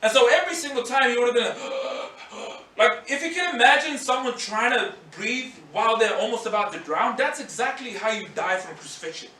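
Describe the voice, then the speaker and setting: A man's voice: very high-pitched, brisk, few pauses. A man preaching a sermon in a church hall, acting out scenes as he speaks. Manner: animated, acts out scenes and voices. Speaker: pastor. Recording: echoey hall, mic at a distance.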